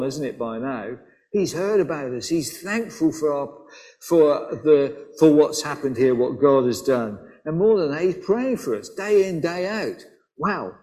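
A man's voice: on the high side, a little mellow, long reverb tail, low-quality recording. A man delivering a sermon in a conversational preaching style, often asking his listeners rhetorical questions. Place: church.

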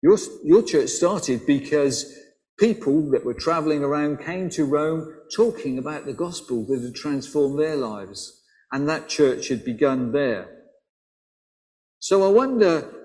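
A man's voice: on the high side, animated, a little slow, mellow, big-room sound, rough recording. A man delivering a sermon in a conversational preaching style, often asking his listeners rhetorical questions. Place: church.

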